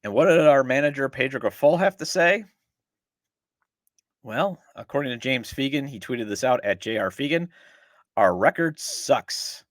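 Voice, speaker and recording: In clean studio sound with no room echo, a middle-aged sports podcast host sarcastically vents his exasperation over his team. He speaks at a normal pace in an expressive, mid-range voice, full of opinionated sports talk.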